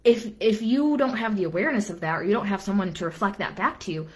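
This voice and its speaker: A woman's voice: mid-range voice, quick pace. A young adult woman business coach giving an earnest live-stream talk, repeating phrases for emphasis and dropping casual asides.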